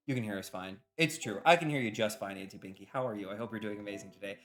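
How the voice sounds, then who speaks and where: Loud, animated man streaming. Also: fairly low pitch, quick pace, hardly any pauses, faint music behind. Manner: loud, rambling, jokey, chatting with viewers. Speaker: live streamer. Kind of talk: casual chat while baking. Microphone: microphone set far from his face.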